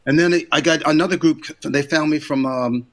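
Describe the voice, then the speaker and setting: An older man, an interview guest, telling career stories in a casual, animated way and acting out quotes in a raised voice. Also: on the high side, normal speed. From United States. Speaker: interview guest, recording engineer and producer.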